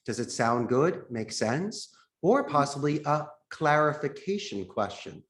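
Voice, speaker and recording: A man's voice: on the high side, sing-song, measured pace, few pauses. A man who founded a call center, a podcast guest explaining phone sales techniques and acting out sample calls as he goes.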